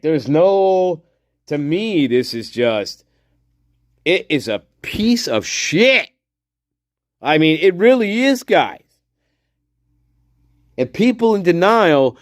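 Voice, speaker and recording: A man's voice: high-pitched, dry recording, clean studio sound. A male true-crime channel host giving profane, exasperated, emphatic ranting commentary.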